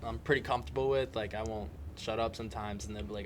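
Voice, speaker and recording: A young man as a podcast guest, chatting casually and telling stories in a relaxed way with "like" fillers. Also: fairly low pitch, fast, a little hiss or hum. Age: young adult. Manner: relaxed, easygoing storytelling with "like" fillers. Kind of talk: casual chat.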